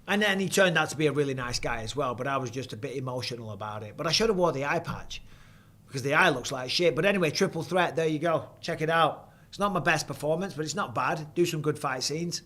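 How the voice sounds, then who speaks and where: Blunt, swearing man, slightly high voice. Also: brisk, a bit bright. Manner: blunt, swearing, chatty banter. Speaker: host. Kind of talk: casual live fight commentary.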